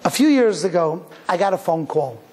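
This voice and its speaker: A man's voice: high voice, expressive, normal speed, a little mellow, slightly rough. A man from Cleveland, Ohio, a rabbi telling a personal story in a sermon, speaking in an emphatic, earnest way and repeating phrases for emphasis. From Cleveland, Ohio, USA.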